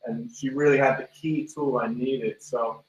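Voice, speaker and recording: Fast-talking man, echoey distant sound. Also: mid-range voice. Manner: quick, strongly accented, relaxed. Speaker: nonprofit founder and guest. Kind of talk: interview.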